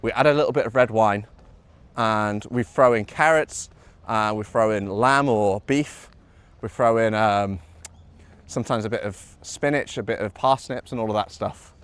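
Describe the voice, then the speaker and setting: A man's voice: lowish voice, moderate pace, fairly bright tone, clean tone. A young man with a Liverpool accent, chatting casually on a live stream, rambling with lots of ums and calling his viewers bro and man. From Liverpool, England. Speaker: IRL livestreamer. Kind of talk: casual live-stream chat reading chat aloud. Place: outdoors in Osaka, early morning.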